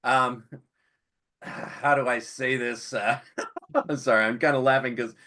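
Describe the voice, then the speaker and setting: A man's voice: mid-range voice, fairly even intonation, slow pace, pushed and bright. A tired man, a guest on a podcast, explaining his coaching course casually while he fumbles for words and apologizes. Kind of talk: casual interview chat.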